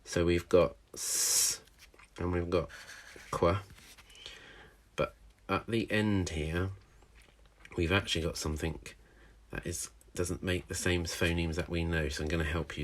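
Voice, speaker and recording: A male primary school teacher giving a recorded handwriting and phonics lesson, encouraging and sounding out letters slowly for young children. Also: low voice, fairly even intonation.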